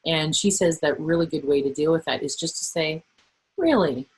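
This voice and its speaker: A middle-aged woman trainer presenting a workplace webinar, animated and acting out the voices she quotes. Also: low voice, a little fast, breathy edge, low-quality recording.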